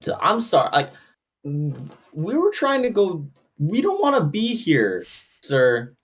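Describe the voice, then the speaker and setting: A man's voice: on the high side, huge pitch swings, unhurried, husky, voice pushed up, heavily acted. A man putting on a hesitant, stammering voice for a nervous, pleading adventurer.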